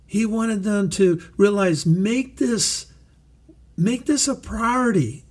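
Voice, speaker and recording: A middle-aged man preaching a sermon as pastor, slow and emphatic, repeating phrases for weight. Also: high-pitched, expressive, darkish tone, breathy edge.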